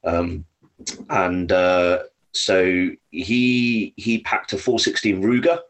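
An English man from the United Kingdom, a podcast guest, tells lively hunting stories in casual conversation, swearing freely throughout. His voice is low and he takes his time.

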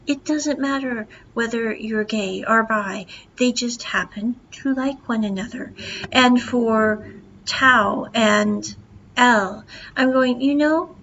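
A woman with a fairly high voice talks through a TV episode in a loose, chatty podcast review. She jumps into the characters' lines as she retells the plot. The recording is a bit muffled and lo-fi, with a faint hiss underneath. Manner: chatty and animated, acts out the dialogue.

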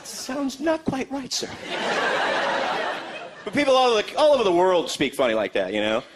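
A man performing a stand-up comedy set, animated and putting on voices for the people he quotes. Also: high-pitched, normal speed. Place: comedy venue before a live audience. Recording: live show with crowd laughter and noise.

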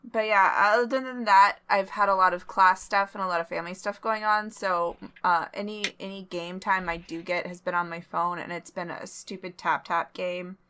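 A woman's voice: on the low side, steady tone, moderate pace, few pauses, bright, forceful tone, smooth. A woman co-hosting a gaming podcast, chatting casually with lots of fillers. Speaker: podcast co-host. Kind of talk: casual chat.

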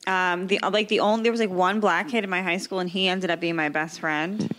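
A woman's voice: on the low side, fairly even intonation, brisk, a bit bright, low-quality recording. A woman hosting a podcast in casual comedic chat, brash and teasing, swearing freely. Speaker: podcast host.

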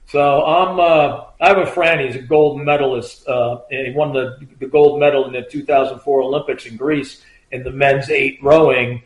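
A man's voice: mid-range voice, fairly even intonation, normal speed, hardly any pauses. Rambling middle-aged man in an echoey room. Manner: rambling, filler-heavy, acts out quoted lines in a raised voice. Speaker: retired state trooper telling stories as guest. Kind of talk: casual anecdotal storytelling. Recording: roomy echo.

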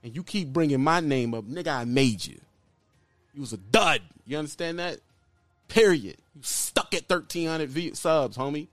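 A man's voice: fairly high pitch, lively intonation, normal speed, dry recording, soft background music. Blunt mocking man ranting, dry sound. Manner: blunt and mocking, repeats lines. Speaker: YouTuber calling out another trucker. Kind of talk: heated call-out rant.

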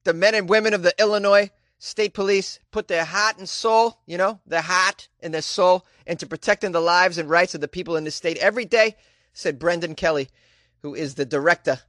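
Over-the-top Boston-accented newsman with a dry, close sound, as a man puts him on, mock-outraged, higher voice. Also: fairly quick, a bit bright, dry recording. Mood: mock-serious. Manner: exaggerated, mock-outraged, wry asides.

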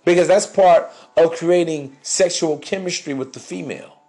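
A man's voice: a little high, moderate pace, dark tone, slightly rough. A man hosting a podcast, giving crude, swaggering dating advice in a preachy monologue. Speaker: podcast host.

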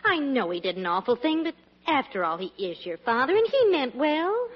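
A fretful, patient middle-aged mother with a high, very lively voice, soothing and scolding by turns. The old broadcast recording sounds dull and muffled. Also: normal speed. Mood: worried. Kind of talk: 1940s radio sitcom acting.

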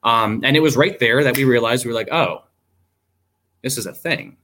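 A man's voice: medium pitch, normal speed, pushed and bright, a little hiss or hum. Young guy, mid-range voice, casual and candid, fillers and swearing; guest on a video-call interview. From United States. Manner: loose and candid, many ums, swears, acts out quoted people. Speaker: guest, army veteran. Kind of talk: casual spoken storytelling.

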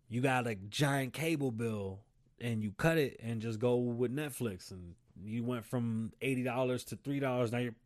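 Blunt swearing man giving a pep talk. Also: mid-range voice. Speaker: show host. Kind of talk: casual motivational talk.

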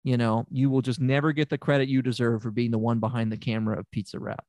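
A man's voice: medium pitch, fast talker, no room sound. Stammering man with a dry, close sound. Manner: rambling, stammering, deadpan asides. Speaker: podcast host playing a therapist. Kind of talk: improvised comedy podcast.

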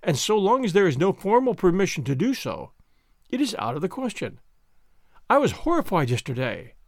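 A fussy, timid schoolmaster frets and pleads in a raised, anxious voice, as a man reading the story puts him on. His voice swings widely in pitch. The recording is close and dry. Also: wildly swooping pitch, moderate pace, vocal fry, no room sound, full character voice. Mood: fretful. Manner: fretful, pleading, higher pitch.

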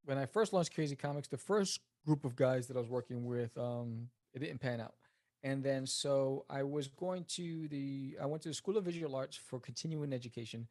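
A man, a comic creator telling stories as a guest in a casual interview, acting out the people he quotes. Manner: animated, acts out quoted people in a higher voice.

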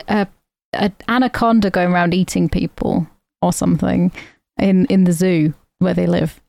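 A woman's voice: fairly low pitch, gravelly, warm tone, no echo. A woman co-hosting a podcast, telling a rambling comedy aside and swearing casually. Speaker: podcast co-host. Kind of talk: casual chat.

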